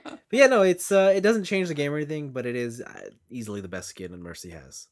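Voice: medium pitch, quick pace, a little mellow. A podcast co-host from Canada chatting casually about games and pop culture, laughing often. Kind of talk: casual chat.

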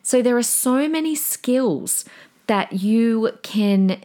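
A middle-aged woman hosts a parenting podcast, sharing stories and advice in an animated, casual manner with a voice on the high side and a slow pace. When quoting herself, she slips into a soothing teacher voice.

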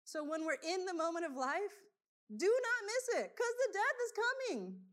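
High-voiced woman preaching a casual sermon. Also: moderate pace. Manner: animated storytelling, laughs often, conversational with fillers.

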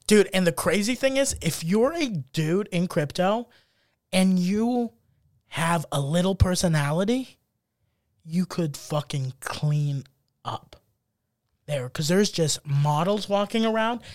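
A man's voice: high-pitched, expressive, takes it slowly, no echo, clean studio sound. A young man co-hosting a podcast, telling stories in a casual chat and acting out the people he quotes. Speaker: podcast co-host.

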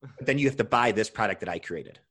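A young man hosting a podcast as a nutrition coach, talking casually, animated and swearing freely as he rants. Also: lowish voice, fast talker, breathy edge.

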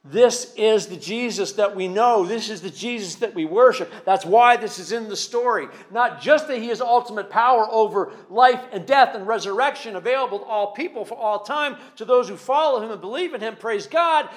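A man delivering a sermon as a pastor, his voice sitting a touch high. He talks in a plain conversational way, stumbling over repeated words now and then, and lifts his voice for emphasis on key points. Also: normal speed, hardly any pauses. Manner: conversational preaching with restarts and emphatic rises.

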